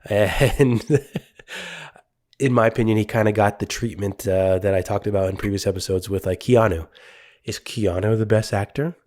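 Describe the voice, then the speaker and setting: A man's voice: on the low side, steady tone, normal speed, darkish tone. A man co-hosting a casual film podcast, laughing often and thinking aloud with some hesitation. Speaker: podcast co-host.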